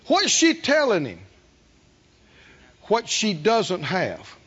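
A man preaching a sermon, animated, acting out the people he quotes and asking the congregation questions. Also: high-pitched, slow, slightly rough. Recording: dull lo-fi sermon recording.

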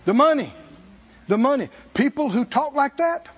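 Male pastor, emphatic sermon, very high voice, animated delivery, dull recording. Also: normal speed. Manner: emphatic, repetitive, preacherly.

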